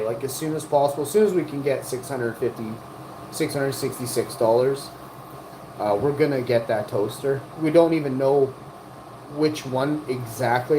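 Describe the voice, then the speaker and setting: Rambling woman with a low voice. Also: background noise. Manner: rambling, joking, teasing chatters. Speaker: livestream host. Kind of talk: rambling live-chat banter.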